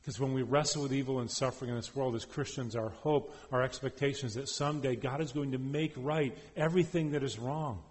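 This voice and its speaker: Expressive preacher in a reverberant hall. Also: male voice, medium pitch, fairly quick, few pauses. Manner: expressive, swings between loud emphasis and soft hushed passages. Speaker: preacher and professor. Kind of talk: sermon.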